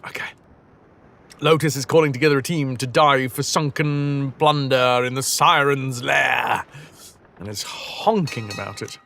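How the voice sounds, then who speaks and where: A man's voice: medium pitch, measured pace, creaky, pushed and bright, slight background noise. A man chatting and joking as he streams a game, talking to his chat and to the game. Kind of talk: live gameplay commentary.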